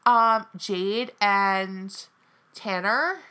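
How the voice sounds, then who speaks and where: Bright-voiced chatty woman. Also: medium pitch, extremely slow, clean tone. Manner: chatty and dramatic, frequent "like". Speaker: co-host. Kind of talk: casual podcast chat.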